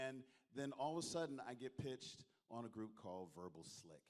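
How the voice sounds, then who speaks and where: A man speaks from a convention stage at an even middle pitch. He tells jokey stories and keeps calling on the crowd to applaud, in a lively closing speech. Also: normal speed. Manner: storytelling, joking, calls on the audience to applaud.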